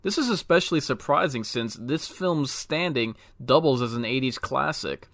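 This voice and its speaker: A man's voice: medium pitch, animated, normal speed, a bit bright, dry recording. A man reading a scripted film review with dry, wry humor.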